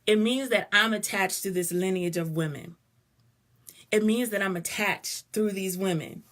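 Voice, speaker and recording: A middle-aged woman giving a personal, expressive talk to live viewers, breaking off to greet them by name. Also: mid-range voice, normal speed. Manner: expressive, conversational, greets viewers mid-sentence. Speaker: speaker on a live stream.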